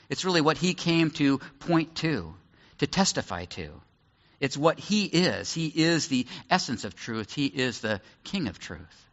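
Lively, bright-voiced preacher in an echoey hall. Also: male voice, mid-range voice. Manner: conversational, explains and acts out scenes. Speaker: pastor. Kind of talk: sermon, verse-by-verse Bible teaching. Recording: echoey hall, slightly dull sound.

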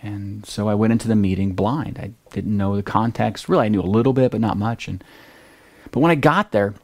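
Middle-aged pastor, chatty storyteller. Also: male voice, on the low side, a little fast. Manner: conversational storytelling, lively at dramatic moments. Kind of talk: sermon with a personal story.

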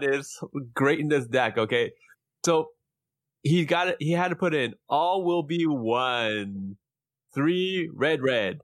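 A man's voice: on the high side, animated, slow pace, dry recording. Enthusiastic man, dry close sound. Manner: enthusiastic, reads card text aloud. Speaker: podcast co-host. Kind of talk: casual group chat.

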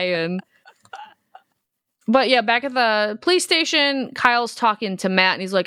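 A woman's voice: mid-range voice, normal speed, clean tone, no room sound, studio quality. A woman co-hosting a podcast, recapping a movie in casual chat and acting out the characters' lines. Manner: animated retelling, acts out characters' lines, swears freely. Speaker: podcast co-host.

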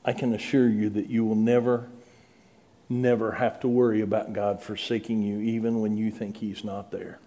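A middle-aged man preaching a sermon, earnest and pleading, building to loud dramatic peaks when he tells the story. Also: lowish voice, little pitch movement, normal speed.

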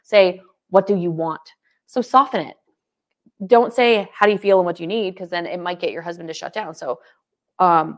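A woman's voice: lowish voice, normal speed. A woman co-hosting a marriage podcast, talking casually and acting out example phrases. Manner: animated, acts out example phrases. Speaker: podcast co-host, marriage coach.

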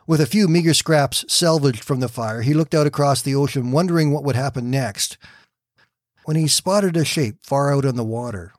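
A man hosting a short morning devotional, calmly telling a story and explaining a Bible passage. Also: medium pitch, no echo, clean studio sound. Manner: calm, reassuring storytelling. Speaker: devotional radio host.

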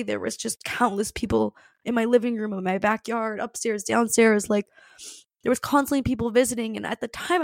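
A woman's voice: a little high, gravelly, dry recording. A young woman hosting a podcast, talking candidly and emotionally about grief, with many "like"s and frank swearing. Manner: raw, emotional, fillers of 'like', swears freely. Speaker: podcast host. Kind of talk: candid personal monologue.

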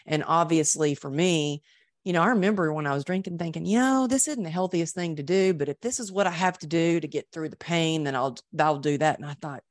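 A woman's voice: sits low, brisk, dry recording, studio quality. A middle-aged woman telling her recovery story in an interview, earnest and emotional, with frequent restarts. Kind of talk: candid interview conversation.

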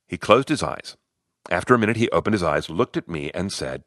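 A male coach tells a story in an animated narrating style. His voice sits low but moves a lot in pitch, and the sound is dry and close. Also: fairly quick, no echo. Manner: expressive, animated retelling. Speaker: leadership coach.

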